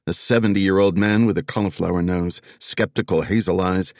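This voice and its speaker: A man narrating an audiobook thriller in a steady, descriptive way. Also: deep voice, dry recording. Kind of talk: scripted narration.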